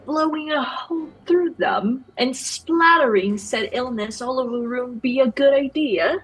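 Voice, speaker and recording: A woman playing a tabletop game, talking in a dry, wry and deliberate way. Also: high-pitched, fairly bright tone, breathy edge, rough recording. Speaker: player. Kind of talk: tabletop role-play banter.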